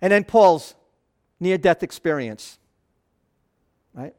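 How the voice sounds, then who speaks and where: A man's voice: high voice, animated, slow, a little mellow. A man with a nasal voice preaching a conversational sermon as pastor, earnest, with loose asides and restarts.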